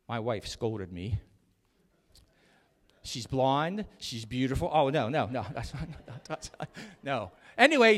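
A man's voice: mid-range voice, sing-song, measured pace, fairly bright tone. A middle-aged male pastor preaching a chatty, joking sermon, calling out to his congregation. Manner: chatty, jokey preaching with audience call-outs. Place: church sanctuary. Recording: long hall reverb.

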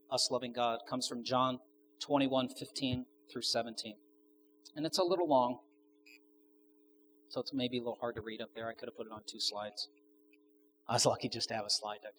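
A man's voice: mid-range voice, fairly even intonation, moderate pace, pauses often, a bit bright, soft background music. A man preaching a sermon to his congregation, conversational, asking the audience questions and adding joking asides. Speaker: pastor.

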